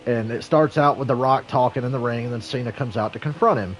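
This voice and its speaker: A man streaming an online racing game, chatting casually and telling a story in a profane, animated way. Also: medium pitch, fast, slight background noise, poor audio. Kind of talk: casual gaming stream chat.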